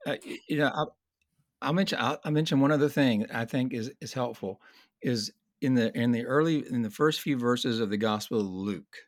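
A man teaching in a conversational Bible study discussion, earnest and explanatory, slowing down to stress key points. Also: mid-range voice, no echo, clean studio sound.

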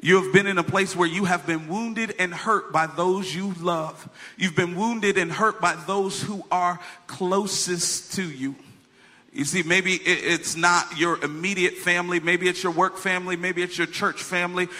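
Bright, high-voiced man preaching a sermon. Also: steady tone, measured pace. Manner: conversational preaching with humorous storytelling asides. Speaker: pastor.

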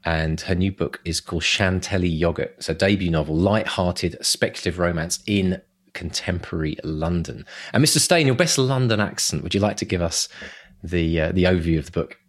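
Upbeat deep-voiced male podcast host. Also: fairly quick. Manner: upbeat, enthusiastic, repeats "brilliant stuff". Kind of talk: casual podcast chat.

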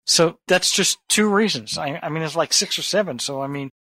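A man's voice: fairly high pitch, a little fast, bright, forceful tone, no room sound. A man hosting a podcast in casual chat, teasing his co-host with wisecracks.

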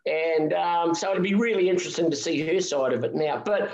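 A man's voice: on the high side, a little fast, roomy sound, low-quality recording. A middle-aged man, a marathon swimming guest telling an emotional story in a podcast interview. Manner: animated, emotional storytelling with restarts.

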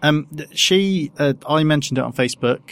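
A man's voice: fairly high pitch, moderate pace, creaky, a bit bright. A man co-hosting a casual podcast, talking in a hesitant, rambling way full of restarts. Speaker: podcast co-host. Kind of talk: casual chat.

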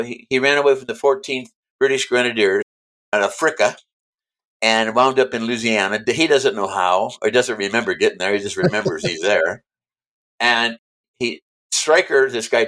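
Author guy being interviewed, middle pitch, chatty, keeps saying stuff twice. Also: normal speed, a bit bright. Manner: chatty, emphatic, repeats himself. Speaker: author guest. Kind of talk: casual interview chat.

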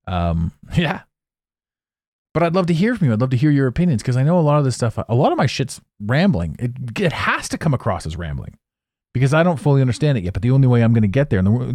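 A man hosts his own podcast in a loose, rambling monologue, swearing and chuckling at his own lines. His pitch swings widely as he talks. The sound is dry and close to the mic. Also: dry recording. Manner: animated, swearing, laughing at his own jokes. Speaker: podcast host.

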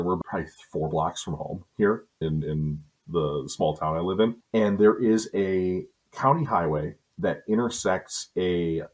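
A middle-aged man from Wisconsin, telling stories in a relaxed, chatty way on a podcast. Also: deep voice. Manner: relaxed, chatty storyteller with asides and self-corrections. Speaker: podcast co-host. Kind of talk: casual storytelling.

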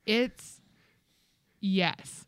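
A woman's voice: very slow, no room sound, studio quality. A young adult woman co-hosting a podcast in casual chat, talking loosely with lots of fillers and acting out quotes. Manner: chatty, many "like" fillers, acts out quotes. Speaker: podcast co-host.

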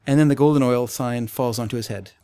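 A man's voice: mid-range voice, quick pace, warm tone, clear, resonant tone, dry recording. A man chatting casually as co-host, rambling through a story and laughing often. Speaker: podcast co-host. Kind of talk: casual comic book discussion.

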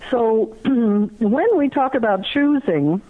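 A guest author answering interview questions in a halting way, with many pauses and restarts, heard over a phone line. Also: mid-range voice, animated.

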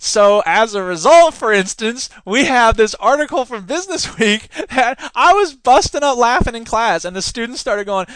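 A man's voice: high-pitched, animated, a little fast, hardly any pauses, fairly bright tone, smooth, no echo, clean studio sound. A man hosting a podcast, giving casual, sarcastic commentary and laughing often as he talks. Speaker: podcast host; teacher.

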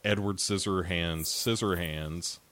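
A man's voice: sits low, fairly even intonation, slow pace, a bit bright, slight background noise. A man hosting a podcast, chatting casually about films in a rambling, self-deprecating way. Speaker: podcast host.

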